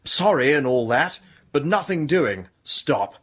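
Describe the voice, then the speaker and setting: An actor playing a flustered, chatty young English gentleman in a radio comedy. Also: fairly high pitch, sing-song, measured pace, breathy edge, exaggerated voice.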